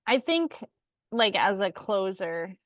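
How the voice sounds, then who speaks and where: A woman co-hosting a spiritual podcast in casual chat, animated, laughing and swearing freely. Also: mid-range voice, slow pace, no echo. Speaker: podcast co-host.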